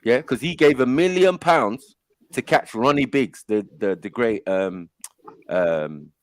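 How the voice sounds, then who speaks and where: A middle-aged panel host tells stories in a casual panel chat, speaking slowly in a medium-pitched voice with no room sound. He's animated and acts out the voices of the people he quotes.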